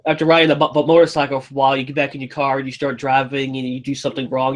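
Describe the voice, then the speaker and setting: A man's voice: mid-range voice, level tone, racing, low-quality recording. A man in a casual chat, enthusiastic and playful, slipping into jokey put-on voices.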